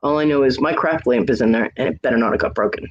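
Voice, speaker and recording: In a quick-paced, medium-pitched voice, a streamer rambles on to his friends with a long, profanity-laced story, quoting the people it involves. The recording comes from a muffled lo-fi mic with a faint hiss in the background.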